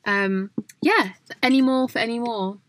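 A woman's voice: a little high, measured pace, fairly bright tone. A woman in casual chat, talking freely and filling her sentences with "like". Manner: chatty, many fillers like "like", laughs easily.

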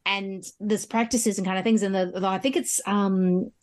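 Woman podcaster talking movies, chatty, lots of mm-hmms, mid pitch. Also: moderate pace. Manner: chatty, animated, frequent "mm" backchannels. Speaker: podcast host. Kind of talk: casual film discussion.

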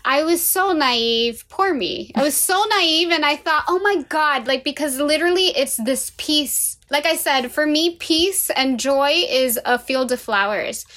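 A young woman hosting a podcast, chatting casually, animated, laughing often and acting out her own thoughts. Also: sits high, unhurried, few pauses. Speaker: podcast host. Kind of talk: casual conversation.

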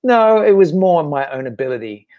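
A man's voice: on the high side, big pitch swings, normal speed, muffled recording. A man, a guest author speaking earnestly and reflectively about faith in a casual interview. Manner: earnest and reflective, with frequent restarts.

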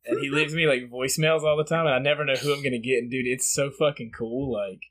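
A man's voice: mid-range voice, steady tone, fast talker, a bit bright, rough recording. Laid-back swearing podcast host man. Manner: laid-back, swears a lot, says "bro" and "dude". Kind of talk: casual chat.

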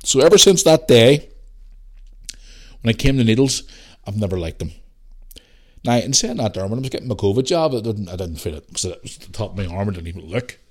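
A man's voice: lowish voice, fairly quick, pauses often, husky. A man in his thirties with a Northern Irish accent, telling stories animatedly on his podcast. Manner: animated storyteller, swears mildly, acts out voices in anecdotes. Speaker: podcast host. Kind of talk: casual storytelling monologue.

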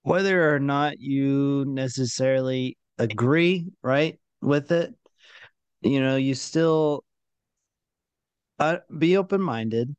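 A man's voice: medium pitch, takes it slowly, smooth, no echo, highs cut off. A man co-hosting a podcast in casual chat, thoughtful and restarting words as he builds a point.

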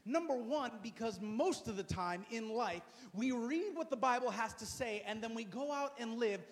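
Man, pastor, high voice, emphatic sermon, loud then hushed, long hall reverb. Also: lively intonation, normal speed.

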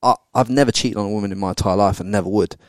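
A low-voiced man tells a personal story on a podcast, blunt and full of swearing. He keeps checking in with his listener through quick tag questions. The sound is close and dry. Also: darkish tone, no room sound. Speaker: podcast guest. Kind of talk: candid storytelling.

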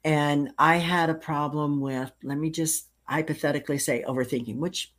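A woman's voice: low voice, steady tone, moderate pace. An older woman hosting a casual interview, telling a story and laughing at her own jokes. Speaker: host.

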